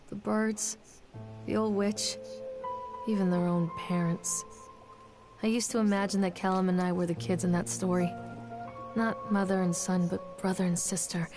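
A woman's voice: mid-range voice, close to an everyday voice. An actress playing a mother in a game, speaking a wistful, reflective monologue. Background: music.

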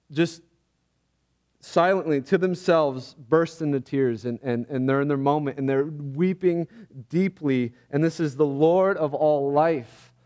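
A pastor preaching a sermon, earnest and reflective, often pausing and halting as he speaks. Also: on the high side, a little mellow. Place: church.

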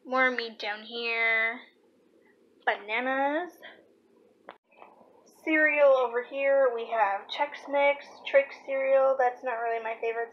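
A young woman chats to her viewers at home in a casual vlog, often pausing to hunt for the right word. She talks at a slow, easy pace in a somewhat high voice. A clear hum of household noise sits behind her. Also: highs cut off. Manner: chatty, trails off searching for words. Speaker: vlogger. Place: home, kitchen. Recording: noisy home ambience.

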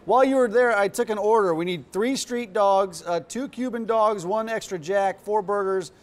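A man's voice: high voice, normal speed. A man anchoring a TV newscast, joking playfully in studio banter. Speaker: news anchor.

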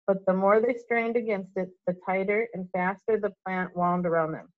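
A woman's voice: mid-range voice, normal speed. Woman teacher reading a storybook aloud. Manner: clear, steady reading with small slips. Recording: dull lo-fi recording.

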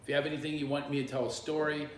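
A man's voice: a little high, flat delivery, very fast. Chatty middle-aged Philly man, roomy office. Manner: chatty and rambling, laughs often. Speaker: comedian and coach hosting a livestream. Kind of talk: casual storytelling on a livestream. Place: small office.

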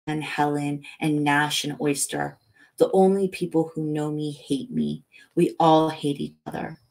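Slow, low-voiced woman reading a bedtime story. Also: gravelly, darkish tone, poor audio. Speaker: audiobook reader.

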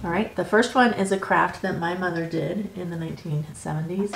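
A middle-aged American woman hosts a relaxed chat with a slightly low voice. She explains things patiently and easily. The sound bounces around an echoey room. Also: fairly quick, gravelly, music in the background. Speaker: host. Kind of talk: casual chat.

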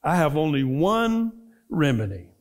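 A man's voice: fairly high pitch, big pitch swings, unhurried. A middle-aged man, a minister, preaching a storytelling sermon and acting out the voices of people in his stories.

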